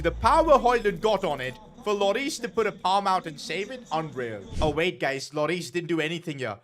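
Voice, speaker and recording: A man giving excitable commentary on a video game, shouting at the big moments. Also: sits high, normal speed, slight background noise. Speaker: gaming YouTuber.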